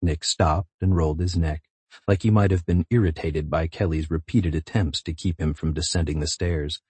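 A man narrating a novel in a measured, intimate reading. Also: extremely low pitch, steady tone, darkish tone, husky, no room sound. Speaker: audiobook narrator. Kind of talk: scripted narration.

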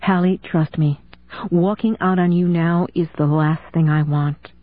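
A woman reading an audiobook, voicing a divorced father who speaks in a low, earnest and tender way. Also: fairly even intonation, a little slow, no room sound, close to an everyday voice. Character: adult man, divorced father, earnest lover. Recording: dry tinny phone-like sound.

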